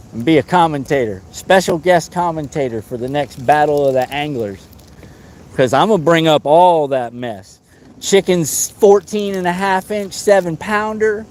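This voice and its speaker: A man hosting a live fishing stream, chatting casually and excitably, teasing friends and whooping. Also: high voice, slight background noise. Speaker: fishing livestream host.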